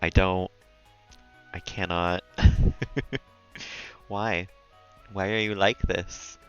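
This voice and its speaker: A man's voice: deep voice, little pitch movement, very slow, a bit bright, smooth, highs cut off, soft background music. A man live-streaming a game, rambling and chatty, often laughing at his own jokes. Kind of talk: casual gameplay commentary.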